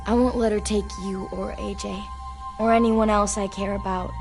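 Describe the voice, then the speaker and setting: A woman's voice: medium pitch, level tone, moderate pace, creaky, a little mellow, natural voice. A young woman voicing a guarded, blunt teenage girl survivor in a video game, hesitant yet resolved, over game music. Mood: troubled. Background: game score music.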